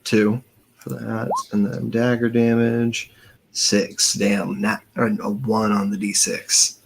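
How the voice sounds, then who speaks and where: A man's voice: lowish voice, little pitch movement, takes it slowly, vocal fry, slight background noise. A man playing a tabletop game, joking and swearing casually as he takes his turn. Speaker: player.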